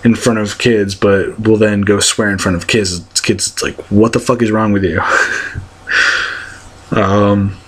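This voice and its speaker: A man's voice: fairly low pitch, little pitch movement, a little slow, long pauses, a little hiss or hum. A young man ranting casually to his viewers, blunt and profane, rambling with many fillers. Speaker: vlogger. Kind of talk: casual rant to camera.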